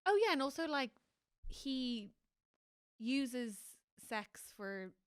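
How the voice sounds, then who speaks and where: Animated woman co-hosting a comedy podcast. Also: on the high side, takes it slowly, clean tone, dry recording, studio quality. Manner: animated, emotional, acts out characters' lines. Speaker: podcast co-host. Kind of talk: casual comedy podcast chat.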